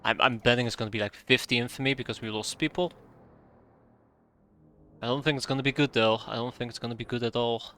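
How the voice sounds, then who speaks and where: Young male streamer, live game commentary, sarcastic and fed up, bright crisp tone. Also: mid-range voice, steady tone, fast talker, long pauses. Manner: exasperated, sarcastic running commentary with muttered math.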